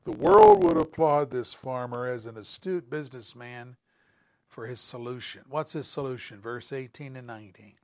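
A man preaching a sermon as pastor, slow and deliberate, rising on emphatic words. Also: medium pitch, big pitch swings, vocal fry, a little mellow, dry recording, clean studio sound.

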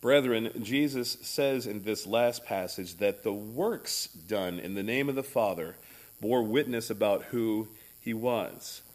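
A man's voice: lowish voice, slow pace. A male pastor preaching a sermon in a church, reading scripture passages aloud with shifting emphasis.

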